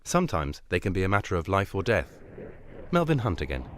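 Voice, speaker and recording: A man's voice: low voice, a little fast, heavy background noise. A man presenting a radio documentary with a polished, scripted narration. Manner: lively, polished delivery.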